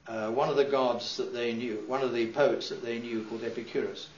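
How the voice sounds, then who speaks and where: A man's voice: mid-range voice, a little fast, a little hiss or hum. A man preaching a sermon, reading and explaining scripture in a conversational way, with asides. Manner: animated and conversational, with asides and restarts. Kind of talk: sermon, Bible teaching. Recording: dull lo-fi recording.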